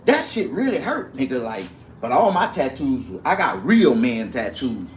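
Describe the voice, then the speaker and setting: A man rambling on a livestream about tattoos, his shirt and a rap feud, out of breath, with loud bursts and mumbled asides. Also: mid-range voice, normal speed, slight background noise. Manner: rambling and animated, swinging between loud outbursts and mumbling. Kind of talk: casual livestream rant.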